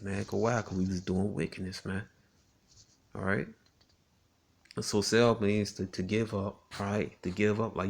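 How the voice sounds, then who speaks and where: A man teaching scripture in a relaxed, conversational way. He often ends phrases with "man" and "all right" and reads verses slowly, with frequent chuckles between lines. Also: on the low side, vocal fry. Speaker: Bible teacher.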